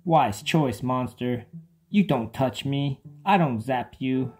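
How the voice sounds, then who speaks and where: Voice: medium pitch, takes it slowly, a little mellow, lightly acted. A storybook narrator voicing a small, brave duck girl who bluffs her way past danger with bold threats. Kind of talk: children's storybook read-aloud.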